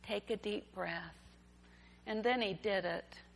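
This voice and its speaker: A woman giving a sermon, telling a story in a gentle, unhurried way. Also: medium pitch, creaky, slight background noise. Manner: slow, gentle storytelling delivery. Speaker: preacher. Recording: reverberant hall.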